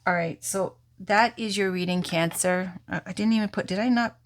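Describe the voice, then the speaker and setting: A woman's voice: medium pitch, moderate pace. A woman giving a casual, chatty tarot reading, rambling and swearing now and then. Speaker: tarot reader.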